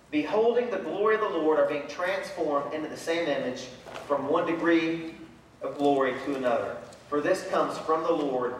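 A man with a fairly high voice preaches a lively sermon, dropping into dramatic voices as he retells Bible scenes. He is heard from a distance in a very echoey church hall, with a faint hum of room ambience behind him. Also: moderate pace. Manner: animated preaching, acts out voices of Bible figures. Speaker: pastor. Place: large church sanctuary.

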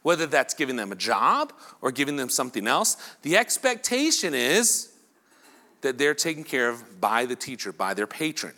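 A male pastor giving a lively sermon who acts out imagined dialogue between the people in his story. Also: mid-range voice, normal speed. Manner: animated preaching, acting out imagined dialogue.

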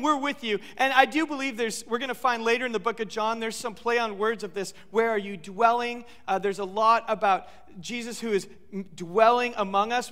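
A man preaching a sermon as pastor, animated, acting out quoted lines and asking the listeners rhetorical questions. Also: high-pitched, big-room sound.

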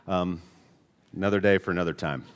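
A man's voice: deep voice, fairly quick. Man, Alabama accent, pastor preaching a sermon, earnest with folksy asides, long church reverb. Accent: Alabama Southern. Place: church sanctuary.

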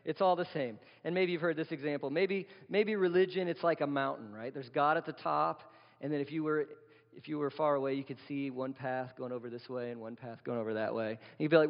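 A man with a slightly high voice preaches a sermon, talking with his congregation and asking them questions. His voice carries a long reverb from the church hall. The recording sounds somewhat dull and lo-fi. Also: fairly even intonation, fairly quick. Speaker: pastor. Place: church sanctuary.

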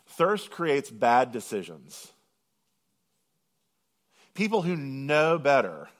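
A man preaching a sermon, swinging from loud, drawn-out proclamation to hushed intensity and slowing right down on scripture lines. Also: medium pitch. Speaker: pastor.

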